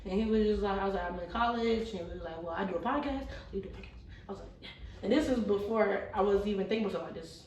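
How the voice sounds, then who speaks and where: A woman's voice: medium pitch, rapid-fire, a little mellow. A woman in her twenties, a podcast guest, telling stories in casual slangy chat and acting out the voices in them. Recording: roomy echo, mic at a distance, faint ambience.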